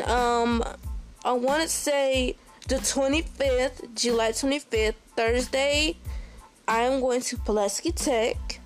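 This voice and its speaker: A young woman talks slowly through her news in a fairly high voice. She keeps stopping to restart and exclaims often. Soft music plays faintly behind her. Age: young adult. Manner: repeats "oh my gosh", halting restarts. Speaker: recent high school graduate. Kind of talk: casual personal update.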